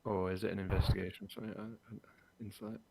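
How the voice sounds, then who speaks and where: A man's voice: sits low, little pitch movement, fast, creaky, crowd noise. A man playing a tabletop game in character, with a cocky, evasive manner. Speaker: player.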